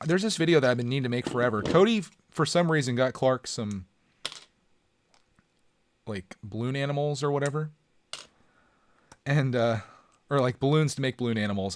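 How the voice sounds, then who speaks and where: A man's voice: medium pitch, a little hiss or hum. A man hosting a casual live stream from home, joking around and chatting with his viewers.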